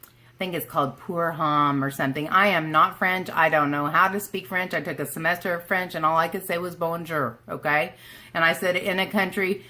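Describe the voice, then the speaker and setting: Okie woman chatting to camera, bright voice, pitched a bit low, rambly and jokey. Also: steady tone, moderate pace. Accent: Oklahoma. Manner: chatty, self-deprecating, rambling with asides. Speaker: beauty vlogger. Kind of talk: casual chat to camera.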